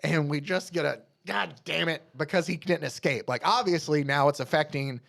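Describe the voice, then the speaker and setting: A man's voice: fairly high pitch, a little fast, vocal fry, a bit bright. A man co-hosting a podcast, casually retelling comic book scenes with lots of "like" and "you know". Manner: retells comic scenes, quoting characters in his own voice; many fillers like "like" and "you know". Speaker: podcast co-host. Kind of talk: casual chat.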